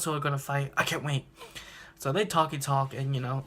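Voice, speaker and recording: Speaking in a mid-range voice that's a bit bright and fairly quick, a young reaction video host runs through a cartoon episode in a relaxed recap. He keeps laughing and performs the characters' lines, and the recording comes from a handheld phone.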